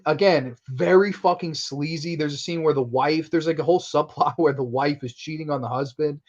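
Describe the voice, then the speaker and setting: Brief: a higher-voiced male host giving an excitable, profane film review, on a muffled lo-fi recording. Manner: excitable, profane, laughs often. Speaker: horror movie reviewer, show host. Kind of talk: casual movie review monologue.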